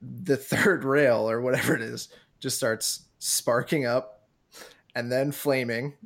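A man chatting on a casual podcast, his voice sitting in the middle range. He gets animated as he tells the story and jumps up in pitch when he quotes himself panicking. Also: takes it slowly, vocal fry. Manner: animated, acts out his own panic in a raised voice. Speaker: podcast co-host.

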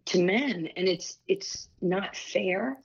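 A woman coach talking as an interview guest, halting and restarting often as she speaks. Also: fairly low pitch, husky. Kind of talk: casual interview chat. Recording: dull lo-fi sound.

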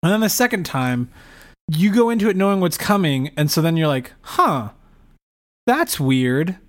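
A man chatting casually as a podcast co-host, telling a story with lively, animated delivery and mimicked voices. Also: sits high, a little fast. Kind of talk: casual chat.

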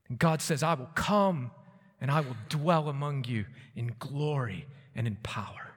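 A man's voice: medium pitch, a little slow, breathy edge. A man preaching an earnest expository sermon, quoting scripture with emphasis. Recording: long reverb of a large hall.

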